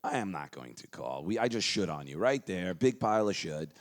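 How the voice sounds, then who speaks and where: A man giving an energetic motivational seminar talk, leading the crowd in chants and dropping into quiet asides. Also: low voice, fairly quick. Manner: energetic, leads crowd chants, swings between loud calls and quiet asides.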